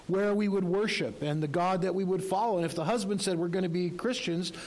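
A man's voice: sits high, darkish tone, rough recording. A male pastor preaching a sermon in a conversational way, with rhetorical questions and light humor.

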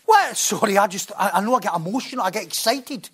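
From a church platform, a man preaches a passionate sermon, alternating quiet asides with loud, emphatic bursts. His voice is high-pitched, fast, and a little rough.

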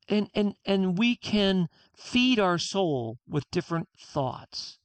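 A man's voice: high voice, sing-song, slow pace, few pauses, smooth, dry recording. An author being interviewed, a man speaking earnestly and acting out his own inner self-talk. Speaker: author guest. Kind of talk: interview conversation.

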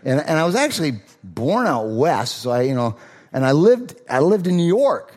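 Conversational preacher with a slight Southern lilt. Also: male voice, fairly high pitch, big pitch swings, moderate pace, darkish tone, soft background music. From Minnesota. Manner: conversational preaching with asides, rising to emphatic stress. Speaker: pastor. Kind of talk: sermon.

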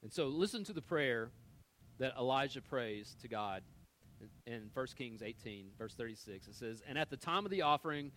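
A man preaching a sermon, retelling a Bible story with lively quoted dialogue and loose, conversational fillers. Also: mid-range voice, normal speed. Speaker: pastor.

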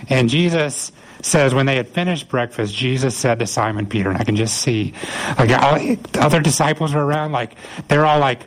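A man's voice: mid-range voice, brisk, poor audio. A man preaching a sermon in a conversational way, acting out the lines of the people in the story. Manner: conversational, acts out voices of biblical figures. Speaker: pastor.

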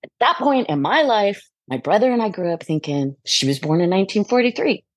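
A woman guest telling family stories in casual chat over a video call, animated and often laughing. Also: medium pitch, fairly quick, dry recording. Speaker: podcast guest.

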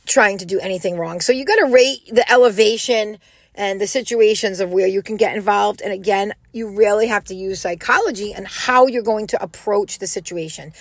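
A middle-aged woman telling a personal story in a casual, animated way, acting out what people said. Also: mid-range voice, fairly quick, no room sound. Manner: animated, quotes people in raised voices.

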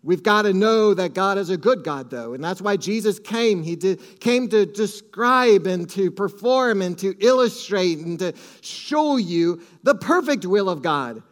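A man's voice: high voice, expressive, measured pace, hardly any pauses. A man preaching a sermon with strong emphasis, leading the congregation to repeat phrases after him. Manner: emphatic, leads congregation in call-and-response.

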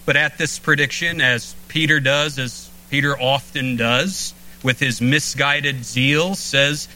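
A man preaching a sermon as pastor, earnest, slowing and dropping low on key phrases. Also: steady tone, sharp tone, rough recording.

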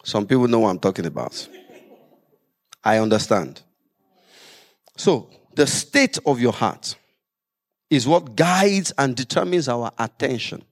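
A man preaching a sermon as pastor, lively with humorous asides. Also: mid-range voice, unhurried, pauses often.

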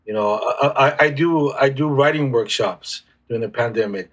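A man speaking as an interview guest, reflective and halting, with frequent restarts. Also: medium pitch, a bit bright. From United States. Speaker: guest healer. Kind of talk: casual conversational interview.

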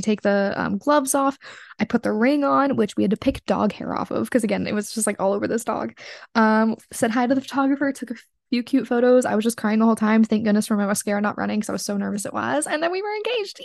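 A woman's voice: medium pitch, darkish tone, no room sound, studio quality. A young woman hosting a podcast, telling a story in a bubbly, chatty way, full of fillers and frequent laughter. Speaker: podcast host. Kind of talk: casual storytelling monologue.

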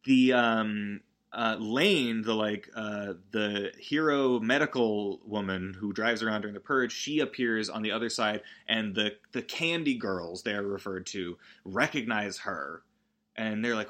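A man's voice: medium pitch, expressive, moderate pace, a bit bright. A man hosting a comedic movie recap, talking in a rambling, self-interrupting, joking way.

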